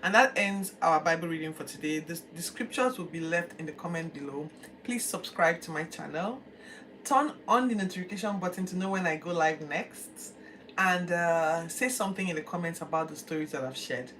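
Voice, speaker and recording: A woman's voice: fairly low pitch, normal speed. Chatty woman retelling Bible stories. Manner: chatty, animated retelling with voices. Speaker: podcast host. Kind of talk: casual Bible reading and retelling. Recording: distant mic, faint background noise.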